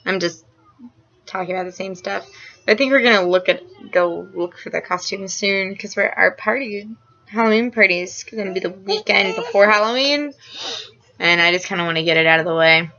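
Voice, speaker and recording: A young woman and mother chatting casually in a home vlog. She fills her talk with fillers, jumps between topics and gets giggly and excitable. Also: mid-range voice, a little fast. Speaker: vlogger and mother. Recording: slightly dull home-video sound.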